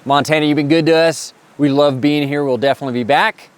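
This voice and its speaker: A man's voice: fairly high pitch, fairly even intonation, quick pace, clean tone. A man in his thirties talking casually to camera outdoors at a campsite by flowing water, upbeat and jokey. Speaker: travel vlogger. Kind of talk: casual travel vlog to camera.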